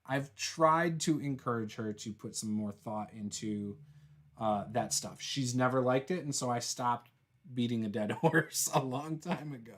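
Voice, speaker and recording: A man hosting a casual chat as game master, reading out viewer comments in a relaxed, teasing and rambling way. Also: medium pitch, measured pace.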